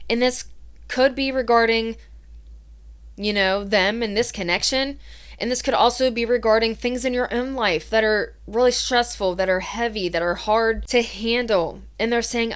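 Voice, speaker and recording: A woman tarot reader giving a reading in a soft, earnest, emotional way, voicing the feelings she channels. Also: medium pitch, smooth.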